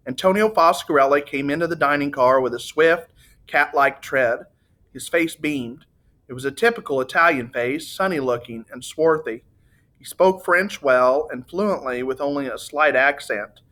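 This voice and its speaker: A man, a teacher, reading a novel aloud to his students in a relaxed, unhurried way. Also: medium pitch.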